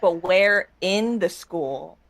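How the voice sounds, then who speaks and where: Casting: a game master narrating a tabletop game, mid-pitched, slow and measured. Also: a bit bright, dry recording. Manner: slow, deliberate scene-setting narration.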